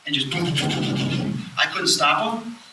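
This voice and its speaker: A man's voice: fairly high pitch, moderate pace. A man giving a live lecture to an audience, telling stories and acting out the voices he quotes. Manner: animated storyteller who acts out quoted voices. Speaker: lecturer on spirits and the afterlife. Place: lecture hall at a public event. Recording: roomy distant live-event recording with faint noise.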